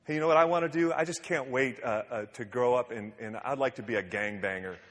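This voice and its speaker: A man voicing a little boy, flat plain voice. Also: mid-range voice, fast talker, close to an everyday voice. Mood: mocking. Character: little boy dreaming of crime. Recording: echoey hall.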